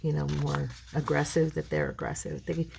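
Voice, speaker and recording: A middle-aged woman hosting a crafting video at home, chatting casually and rambling between tasks, clearing a frog in her throat. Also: sits low, big pitch swings, moderate pace, very noisy. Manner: rambling, chatty, addresses viewers as girls. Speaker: craft channel host.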